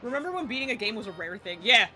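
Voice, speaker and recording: A woman streamer around forty talks through a game live in a high voice that jumps all over the place. She sounds exasperated and swears freely. Faint game music plays underneath. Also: very animated, racing, sharp tone. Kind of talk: casual live gameplay commentary.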